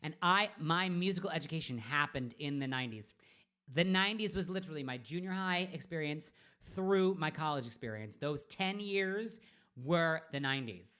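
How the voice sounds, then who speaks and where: A woman's voice: low-pitched, expressive, moderate pace, a bit bright. Rambling woman in her forties. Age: 40s. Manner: rambling, trails off into murmurs and whispers. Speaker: drag performer hosting a live stream. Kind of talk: casual live-stream chat.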